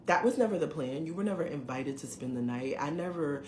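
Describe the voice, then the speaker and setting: At home indoors, a middle-aged woman vlogger animatedly tells viewers about a dating experience in a casual, emphatic way. Her low voice is expressive, brisk, and a little mellow, with roomy echo and faint background hiss.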